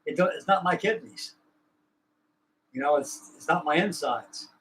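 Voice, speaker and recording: A man's voice: a little high, animated, unhurried, fairly bright tone, a little hiss or hum, poor audio. A man hosting a livestream, chatting casually in a folksy, rambling, colloquial way. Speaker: livestream host. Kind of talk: casual chat.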